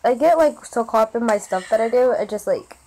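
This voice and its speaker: A woman's voice: on the high side, animated, fairly quick, very noisy. A young woman chatting casually on a reaction video, apologetic and self-conscious, with a bad phone mic. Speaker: video co-creator.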